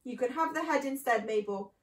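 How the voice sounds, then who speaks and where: A woman's voice: high-pitched, animated, brisk, echoey room. A woman voicing an impatient, bossy farmer's wife who snaps orders, in a storybook reading. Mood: snappish. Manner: sharp and snappish.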